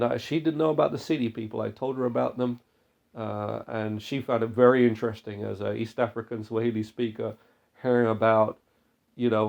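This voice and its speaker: Male podcast host with a creaky edge to his voice, earnest and exhorting, restarts often. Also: mid-range voice, a little mellow, highs cut off. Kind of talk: missionary podcast talk.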